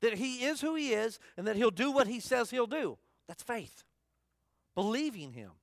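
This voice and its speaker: A pastor with a notably high, creaky, slightly bright voice preaches a conversational sermon to a full church at a service, asking the congregation questions and circling back to key phrases. His intonation is lively and his pace moderate. The sound is dry and close with little room echo.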